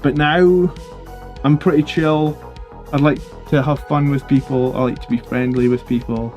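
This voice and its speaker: A tired man chats loosely to his stream audience, circling back with fillers and restarts. His voice sits at a middle pitch, and faint music plays quietly in the background. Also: moderate pace, dull audio. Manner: rambling, filler-heavy, relaxed. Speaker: hobby channel host. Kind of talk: casual livestream chat.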